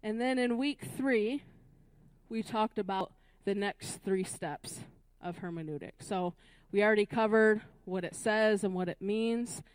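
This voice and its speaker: A woman's voice: mid-range voice, unhurried, smooth, no room sound. A woman leading a Bible study class, recapping earlier weeks and asking the group questions, often checking in with "right?" and "Amen?".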